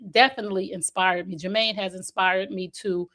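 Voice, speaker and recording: Speaking briskly in a mid-range voice, this New Jersey-accented woman, a mother and autism advocate, shares stories in a relaxed interview. She's an animated storyteller, acting out the quotes of the people involved.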